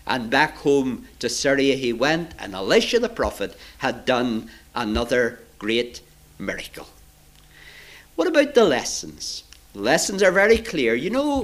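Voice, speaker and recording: A man preaching to children, retelling a Bible story in an animated, dramatic way. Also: a little high.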